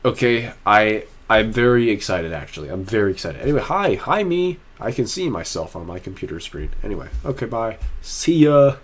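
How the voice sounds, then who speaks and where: A young man with a somewhat low voice talks into his computer mic in a personal vlog. He rambles and restarts his sentences, but stays earnest and heartfelt as he works through his thoughts. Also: big pitch swings, fairly quick, hardly any pauses, a bit bright, slightly rough. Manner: rambling, emotional, restarts often. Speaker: vlogger.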